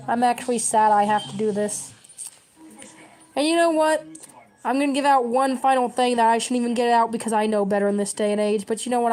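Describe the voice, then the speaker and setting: Thirties woman, community educator type, fired-up preachy monologue, somewhat high voice. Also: a little mellow. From United States. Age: 30s. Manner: urgent, scolding, preachy. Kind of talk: impassioned political rant to camera.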